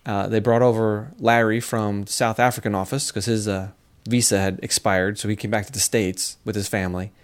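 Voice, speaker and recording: A middle-aged man, a scientist and speaker, talking casually in an interview and telling lively stories. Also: lowish voice, fairly quick. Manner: animated storyteller, acts out quotes, laughs often.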